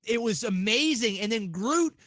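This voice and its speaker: Man, podcast host, high voice, dry close sound, excitable, profane, casual. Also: moderate pace, dry recording. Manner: excitable, profane, many restarts.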